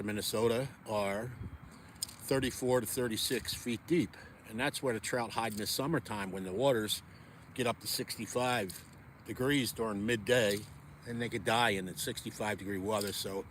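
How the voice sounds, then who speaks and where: A man's voice: lowish voice, fairly bright tone, slight background noise. A man, chatting rambly to viewers while ice fishing outdoors on a frozen pond. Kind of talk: casual outdoor vlog chat.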